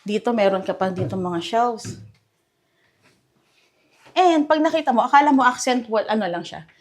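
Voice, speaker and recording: A woman's voice: fairly high pitch, animated, moderate pace. A woman with a Filipino accent hosting a walkthrough house tour, chatty and enthusiastic, mixing English and Filipino. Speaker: real estate house tour host. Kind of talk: casual walkthrough tour commentary. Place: inside a house, walking room to room.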